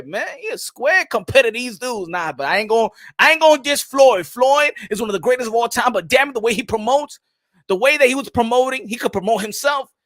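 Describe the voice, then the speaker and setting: A man hosting a boxing livestream, ranting and giving shout-outs to chat in a loud, profane, hyped way; English is his second language. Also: high-pitched, dry recording, studio quality. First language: Spanish. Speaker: boxing show host.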